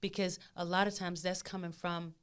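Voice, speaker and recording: A woman with a lower-pitched, smooth and resonant voice speaks as a podcast guest. She talks casually and with animation, repeating her phrases for emphasis and acting out inner voices as she goes. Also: little pitch movement, normal speed. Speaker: podcast guest, spiritual advisor.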